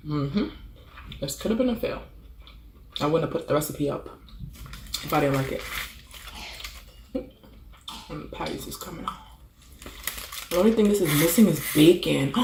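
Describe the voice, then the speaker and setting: A woman talks casually to her viewers between bites, humming "mm" as she eats. Her voice carries a gravelly fry, and the room around her sounds echoey. A faint room hum sits underneath. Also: sits low, expressive, normal speed, long pauses. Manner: chatty, savoring with frequent mm sounds between bites. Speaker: food vlogger. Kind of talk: casual mukbang eating vlog.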